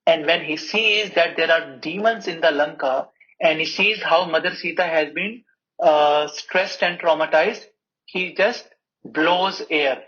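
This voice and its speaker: A man teaching a scripture class, telling a story with lively voiced quotes. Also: on the high side, a little slow. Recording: muffled lo-fi recording.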